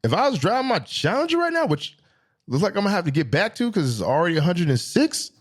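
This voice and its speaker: Animated, joking man vlogger. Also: quick pace, husky. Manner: animated, swings from high squeals to low mutters for comic effect; profane, slangy joking. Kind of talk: casual storytelling monologue.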